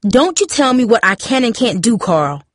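A woman's voice: medium pitch, animated, a little fast, no echo, studio quality, close to an everyday voice. A woman voicing a furious mother who hollers and lashes back during an argument. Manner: hollering, lashing out. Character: furious mother, emergency nurse, fuming.

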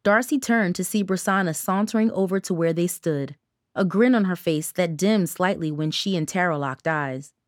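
Woman reading a story aloud, calm and even, dry close sound. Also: fairly low pitch, normal speed, no room sound. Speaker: audiobook narrator. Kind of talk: scripted narration.

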